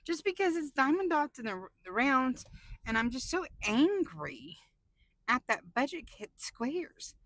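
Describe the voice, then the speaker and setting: A woman vlogger chatting excitably while driving her car, laughing often. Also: high-pitched, a little slow, no room sound, rough recording. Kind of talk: casual chat while driving.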